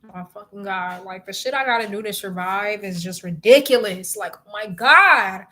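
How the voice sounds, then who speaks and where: Bright-voiced young woman ranting casually. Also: mid-range voice, normal speed. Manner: animated, profane and exasperated ranting. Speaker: vlogger. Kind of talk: casual chat to viewers.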